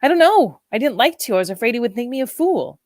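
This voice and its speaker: A woman's voice: on the high side, big pitch swings, quick pace, no echo, clean studio sound, pitched above the performer's own voice. A woman reading the part of a shy, nervous young bride who speaks in hesitant, flustered pleas.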